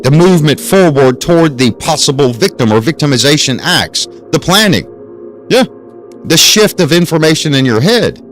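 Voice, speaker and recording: A man lecturing on his podcast, hammering his points home with rhetorical questions and repeated phrases. His pitch swings up and down a lot as he talks, and faint music plays underneath. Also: a bit bright, rough recording. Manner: emphatic, repetitive, rhetorical questions. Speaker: podcast host. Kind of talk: solo lecture-style podcast talk. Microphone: desk mic on a stand.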